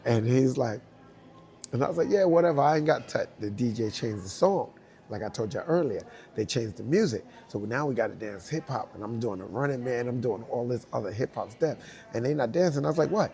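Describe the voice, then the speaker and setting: A man's voice: mid-range voice, lively intonation, brisk, creaky, dark tone. A man with a New York accent telling a story in an interview, acting out voices and sounds, swearing and laughing as he goes. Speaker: guest, dancer. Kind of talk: animated storytelling.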